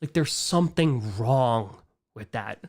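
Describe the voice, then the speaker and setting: A man hosting a casual livestream Q&A, animated and ranting, swinging from excited outbursts to quiet, weary muttering. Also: mid-range voice, takes it slowly. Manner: ranting, frustrated. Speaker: livestream host answering viewer questions. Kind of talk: casual live-stream chat.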